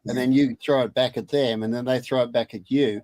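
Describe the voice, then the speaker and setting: An Australian man, a distiller, chatting casually on a podcast as a lively, animated storyteller. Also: mid-range voice, brisk, no room sound.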